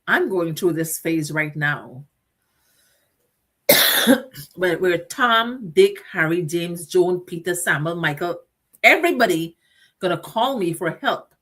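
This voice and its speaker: A woman's voice: lowish voice, takes it slowly, long pauses, a bit bright. Earnest woman giving motivational talk. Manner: earnest, direct, addresses listeners, lists and repeats phrases. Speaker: host. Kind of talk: motivational talk show monologue.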